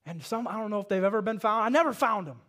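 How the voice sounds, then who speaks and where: A pastor with a Southern US accent preaches a sermon at a church service, his voice sitting high as he talks fast. He tells folksy stories and builds to shouted calls to his congregation.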